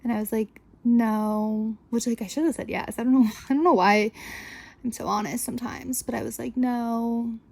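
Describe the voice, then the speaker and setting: A woman's voice: on the high side, fast talker, creaky, a little mellow, slightly rough. A young woman hosting a podcast, telling a story casually in a chatty, exasperated way, full of "like". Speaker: podcast host.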